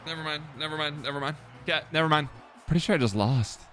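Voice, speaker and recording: A young man giving live commentary while playing a video game, swearing and repeating himself, sometimes breaking into yells. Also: fairly high pitch, fast, faint music behind. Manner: swears and mutters the same phrase over and over; excitable, jumps into yelling.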